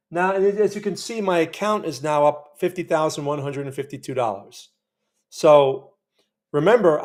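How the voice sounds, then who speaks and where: Chatty man calling live trades. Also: on the high side. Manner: emotional, talks to the chart while trading; chatty, keeps asking viewers to remember. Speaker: trading channel host. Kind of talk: live day-trading commentary.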